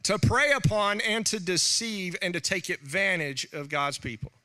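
A middle-aged man preaching a sermon, talking in an animated way with laughing asides and quoted voices. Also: high-pitched, moderate pace. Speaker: pastor.

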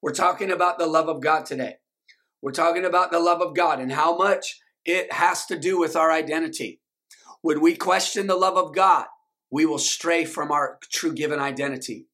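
A man's voice: on the high side, moderate pace, pushed and bright. A male pastor, preaching a sermon and leading the congregation in call-and-response.

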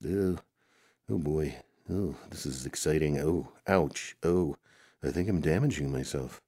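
A man's voice: very deep voice, unhurried, warm tone, husky, no echo, studio quality. A man improvising a rambling story, talking through it with many "oh boy" exclamations.

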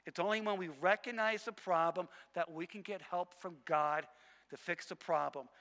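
A male pastor delivers a sermon in a high, bright, forceful voice. He repeats phrases for weight and drops from loud emphasis to near hush. His voice rings with the long reverb of a large church hall. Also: fairly even intonation, moderate pace.

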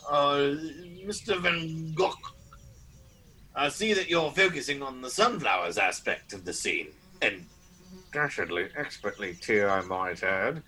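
A man's voice: mid-range voice, lively intonation, unhurried, pushed and bright, slightly rough, rough recording. A man playing a pompous, flustered old-fashioned journalist in an improvised comedy sketch.

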